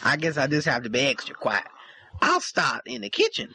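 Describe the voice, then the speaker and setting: A man's voice: huge pitch swings, moderate pace, creaky, noisy background, heavily acted. A man playing a boastful, bossy male burglar in an amateur comedy skit, swaggering and theatrical. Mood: sneaky. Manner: swaggering, theatrical swings in pitch.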